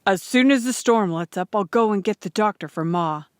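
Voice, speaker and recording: A woman's voice: mid-range voice, normal speed, no room sound, clean studio sound, natural voice. A woman reading aloud, voicing an earnest, anxious farmer father in a plain, near-natural voice.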